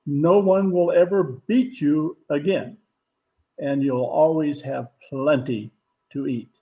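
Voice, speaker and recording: Man playing a fatherly estate master, kind, reassuring, slow, mellow, radio drama. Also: on the high side, highs cut off. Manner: gentle, reassuring. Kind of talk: 1930s-style radio drama acting.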